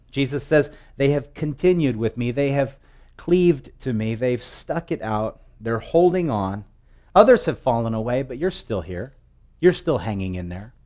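A male pastor preaching a sermon. His voice swells with emphasis, and he slows down to read scripture. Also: medium pitch, a little mellow. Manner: preaching with rising emphatic swells and slow, drawn-out scripture readings.

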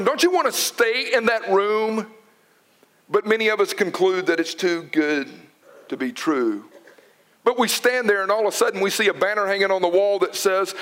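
A man's voice: high voice, normal speed, fairly bright tone. A man preaching a sermon, dramatic, dropping to whispers for emphasis. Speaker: pastor.

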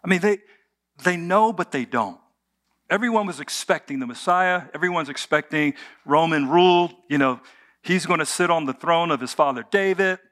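A man's voice: a little high, moderate pace, fairly bright tone. A man preaching a conversational sermon, telling the story with humor and asking the audience rhetorical questions. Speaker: pastor.

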